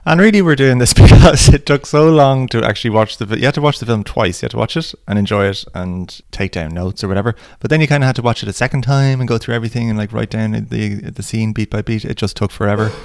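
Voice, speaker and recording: A man's voice: lowish voice, fast talker, gravelly, hardly any pauses, darkish tone, no echo. Teasing man in a dry room. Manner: teasing, joking. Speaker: podcast co-host. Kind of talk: casual podcast chat.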